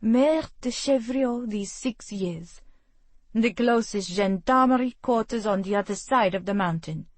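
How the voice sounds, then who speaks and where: A woman's voice: medium pitch, measured pace, no echo, lightly acted. Woman doing a fussy French mayor. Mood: officious. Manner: formal, commanding. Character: small fussy French male mayor, officious.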